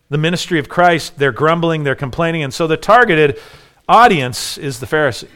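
A man's voice: fairly high pitch, a bit bright. A man preaching a sermon, emphatic and full of rhetorical questions, often repeating his phrases. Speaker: pastor.

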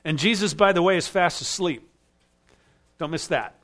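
A man's voice: sits high, moderate pace, fairly bright tone. A man preaching an expository sermon with emphatic rising bursts. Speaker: pastor.

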